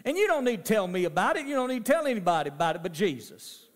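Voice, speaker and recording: A middle-aged male pastor preaching a sermon, swinging from loud emphasis to soft, low asides. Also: big pitch swings, fast talker. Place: church sanctuary. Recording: long church reverb.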